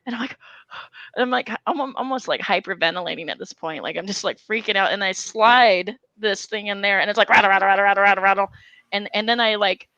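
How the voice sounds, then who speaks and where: A young woman telling an animated story in casual chat, full of fillers and restarts. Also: medium pitch, fast, no echo, lo-fi sound.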